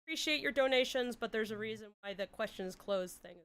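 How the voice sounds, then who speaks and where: Enthusiastic woman host, slightly high voice. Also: a little fast, fairly bright tone, clean tone. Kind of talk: casual panel chat.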